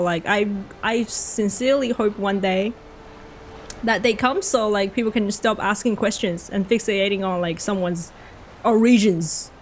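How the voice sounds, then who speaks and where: This young Australian woman, speaking at a medium pitch with a bit of background noise, chats casually with her viewers while playing a game on stream. She answers chat as she goes, giving relaxed gameplay commentary.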